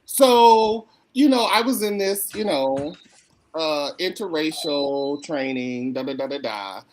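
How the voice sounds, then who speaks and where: A woman's voice: deep voice, slow pace. A woman co-hosting a casual podcast conversation, telling stories emphatically over a video call. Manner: emphatic, animated storyteller.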